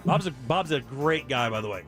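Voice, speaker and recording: A man's voice: medium pitch, expressive, moderate pace, a bit bright, soft background music. A man hosting a radio show, chatting with callers in an upbeat, jokey way as he runs a trivia game. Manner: jokey, upbeat quiz-giving patter. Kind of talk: casual radio chat with callers.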